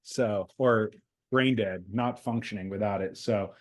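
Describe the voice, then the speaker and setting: Chatty lower-voiced guy cohosting, kinda pedantic about words. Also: a little slow. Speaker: podcast co-host. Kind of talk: casual chat.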